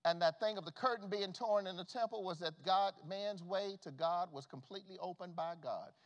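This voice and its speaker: High-voiced preaching man in a reverberant hall. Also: normal speed, lo-fi sound. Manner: preaching with big swings from shouts to hushed tones. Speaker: pastor. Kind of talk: sermon. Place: church sanctuary. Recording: long reverb of a church hall.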